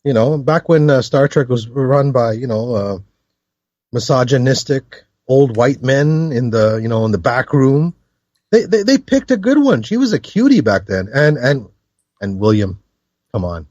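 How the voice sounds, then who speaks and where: A man co-hosting a podcast in casual chat, rambling with many restarts and laughs, high. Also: animated, moderate pace, darkish tone, dry recording, lo-fi sound. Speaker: podcast co-host.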